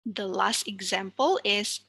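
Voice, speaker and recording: Slow, bright-voiced woman teacher with Indonesian accent. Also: mid-range voice, vocal fry, slightly rough, no echo. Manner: slow, careful teaching with many fillers. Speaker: language teacher. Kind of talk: online class lesson.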